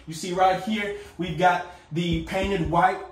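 A man with a high, steady-toned voice speaks slowly as he hosts a casual sales walkthrough for a tiny home company, using upbeat salesy patter and calling viewers guys. The setting is a small furnished tiny home, and the audio is reverberant with a distant mic.

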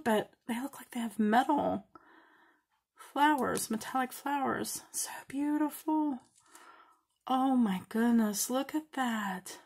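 A woman with a soft, breathy voice unboxes beads at her craft table, speaking slowly and gushing over each find. Her delighted exclamations keep slipping into hushed whispers as she looks closer. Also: fairly high pitch. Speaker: craft vlogger. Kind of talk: bead unboxing vlog.

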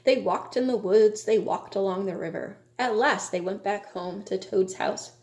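A woman reading a children's storybook aloud in a slow, measured way. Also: medium pitch, a little mellow. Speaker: reader. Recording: echoey room.

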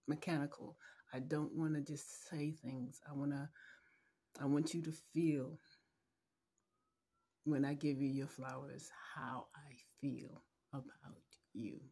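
Middle-aged mother, emotional, holding back tears; slow, halting, tender delivery with a mellow, breathy voice. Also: deep voice. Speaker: mother addressing her adult son. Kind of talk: heartfelt personal video message.

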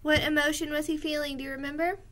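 A woman teacher giving a recorded lesson to young children, slow and clear, encouraging them as she writes along. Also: sits high, little pitch movement, fairly bright tone.

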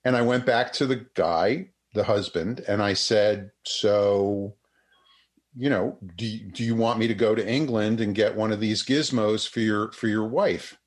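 A man's voice: on the low side, unhurried. An older man, a psychotherapist and researcher, telling a story in an interview with many restarts and acted-out quotes.

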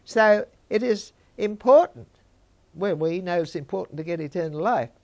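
A woman's voice: lowish voice, animated, normal speed, a little mellow. An older woman, giving informal Bible teaching and chatting with her listeners. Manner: conversational, chats with listeners.

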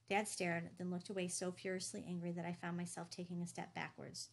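Low, gravelly woman narrating a novel. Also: brisk, few pauses. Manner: steady storytelling delivery. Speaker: audiobook narrator. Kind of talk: scripted first-person narration.

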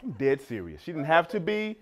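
A man's voice: a little high, wildly swooping pitch, a little fast, fairly bright tone. A man in his thirties performing a stand-up routine, telling stories and laughing at his own jokes. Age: 30s. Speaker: stand-up comedian.

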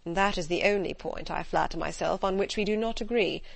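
A woman voicing a sardonic middle-aged father with a dry, measured manner in an audiobook. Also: on the low side, gravelly, no room sound. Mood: ironic.

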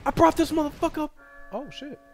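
A man doing live gameplay commentary as a streamer, excitable and swearing as he yells at the game. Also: very high voice, a little fast, faint music behind. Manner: excitable, cursing and yelling at the game. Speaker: gaming streamer.

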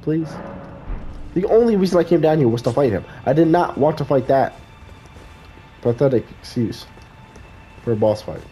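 A man playing a video game and commenting live, swearing loudly at enemies and muttering to himself between fights, with game music behind him. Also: on the high side, animated, moderate pace, pauses often. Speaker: gaming streamer.

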